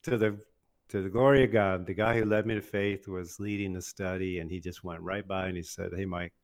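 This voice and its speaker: Older guy telling a story, lowish voice, keeps laughing at himself, does the other guys' lines. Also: fairly even intonation, fairly quick. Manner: laughs often while telling, acts out quoted voices. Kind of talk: animated personal storytelling.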